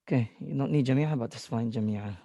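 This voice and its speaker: Guy teaching arabic online, calm and patient, dry mic, goes word by word. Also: medium pitch, racing, vocal fry, no room sound. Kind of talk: online class feedback. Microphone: video call.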